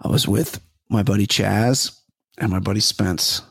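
A man's voice: fairly low pitch, unhurried, creaky, fairly bright tone, husky, no echo, studio quality. A man co-hosting a comedy podcast, telling rambling, profane stories full of restarts in casual chat. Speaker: podcast co-host.

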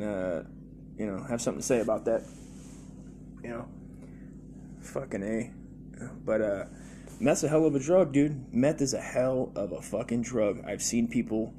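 A man's voice: medium pitch, mellow, slight background noise. A man hosting a comedy podcast, rambling through a profane monologue full of fillers and restarts.

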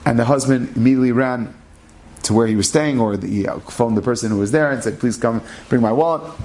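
Man telling a story with animated delivery. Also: medium pitch, fast, a little hiss or hum. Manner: animated, acts out the characters' lines. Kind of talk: spoken storytelling.

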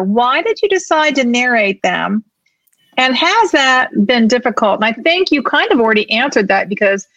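A woman's voice: fairly high pitch, a bit bright, dry recording. A woman author on a panel, reading out audience questions and chatting in a friendly way. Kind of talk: casual panel chat.

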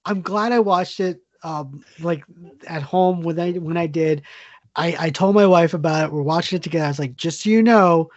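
A man's voice: a little high, dull audio. Easygoing man on a podcast. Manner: easygoing, halting with fillers and laughs. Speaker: podcast co-host. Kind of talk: casual movie chat.

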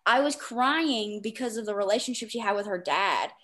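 A woman hosting a book podcast, chatting in an excitable, gushing way and rambling with many fillers. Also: mid-range voice, moderate pace. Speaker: podcast host. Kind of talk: casual podcast chat.

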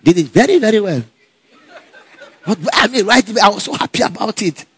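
High-voiced man telling a story. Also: moderate pace, slightly rough. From Nigeria. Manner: animated, laughs often, acts out dialogue. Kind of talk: casual personal storytelling.

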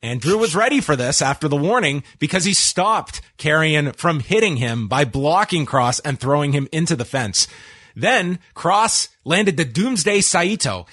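A man giving a wry, casual recap of a wrestling show, with frequent "uh" pauses. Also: on the high side, animated, a bit bright, no room sound. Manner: dry, wry recap with hesitations.

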